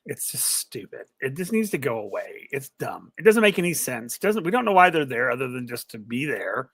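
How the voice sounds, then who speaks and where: Gravelly, husky man venting on a podcast. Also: mid-range voice, very animated, fairly quick, a bit bright, no echo, clean studio sound. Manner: blunt, emphatic, vents with laughs. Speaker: wrestling podcast co-host. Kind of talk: casual chat.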